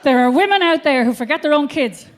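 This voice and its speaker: A woman's voice: high-pitched, fast, slight background noise. A woman in her fifties telling brash, profane stories as a stand-up comedian on a theatre stage. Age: 50s. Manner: brash, profane, animated storytelling. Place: theatre stage before an audience.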